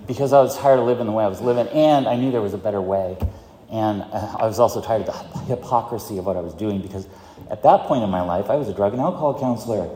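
A man's voice: lowish voice, quick pace, mellow, reverberant, big-room sound, slight background noise. A middle-aged man giving a candid, self-mocking personal testimony at a recovery meeting, chuckling often as he talks. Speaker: speaker sharing at a recovery meeting.

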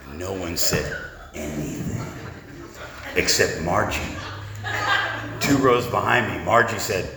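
A man's voice: deep voice, unhurried, gravelly, background noise. A man sharing his story at a recovery meeting, telling it as a punchy, profane comic tale to a live audience. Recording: echoey hall reverb.

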